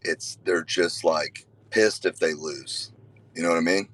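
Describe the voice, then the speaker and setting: Deep-voiced man telling stories earnestly. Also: measured pace, rough recording. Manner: earnest storytelling with emphatic loud bursts; conversational, with frequent fillers. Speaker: father and youth wrestling coach. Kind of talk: casual talk to a group.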